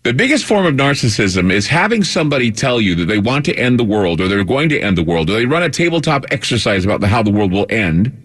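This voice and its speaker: A man's voice: lowish voice, sing-song, fast, hardly any pauses, a bit bright, husky. A man hosting a talk radio show, delivering a combative, sarcastic monologue.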